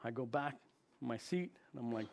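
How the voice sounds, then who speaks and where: A man who is a chaplain, telling a story of his trip to a congregation in an animated way and acting out the dialogue. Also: a little fast, vocal fry. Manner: animated, acts out dialogue with big jumps in pitch and volume. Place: church.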